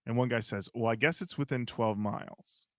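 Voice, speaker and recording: A podcast co-host tells a backstage story in casual chat, animatedly acting out what people said. His voice is medium-pitched at a moderate pace, and the recording is dry.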